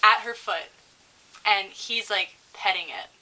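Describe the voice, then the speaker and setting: Young woman co-host, bright voice, animated swearing storyteller. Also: mid-range voice, unhurried, distant mic, rough recording. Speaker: podcast co-host. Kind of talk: casual storytelling chat.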